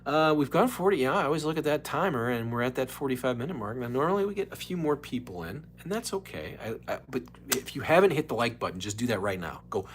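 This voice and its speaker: A middle-aged man runs a casual solo livestream from his home, rambling and cracking jokes directly to his viewers. His mid-range voice is sing-song and fast, with hardly any pauses. A little hiss or hum sits in the recording.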